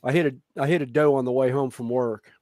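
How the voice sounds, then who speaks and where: A man's voice: mid-range voice, steady tone, brisk, darkish tone, no echo, clean studio sound. A man in his thirties with a Southern American accent, rambling through a casual chat. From North Carolina, USA. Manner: rambling and chatty, with frequent restarts and laughs.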